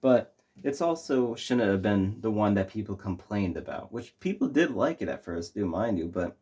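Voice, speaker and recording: A man's voice: on the low side, lively intonation, moderate pace, a little mellow, husky. A young man reviewing a movie in casual chat, rambling with lots of fillers and restarts.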